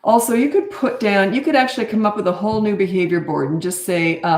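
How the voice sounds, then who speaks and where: A woman's voice: mid-range voice, fast, hardly any pauses, reverberant. A woman in her sixties, a parenting coach, answering viewer questions in a candid, chatty live Q&A. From Canada. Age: 60s. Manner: candid, chatty, self-deprecating. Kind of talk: live Q&A chat.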